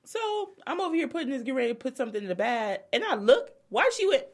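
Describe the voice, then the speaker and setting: A woman co-hosting a podcast talks quickly in a high voice. She tells a casual, profane story in an animated way, acting out what other people said.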